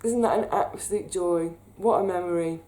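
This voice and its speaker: Chatty British woman, warm low voice. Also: normal speed. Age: 30s. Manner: chatty, animated, emotional when retelling. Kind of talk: casual storytelling monologue.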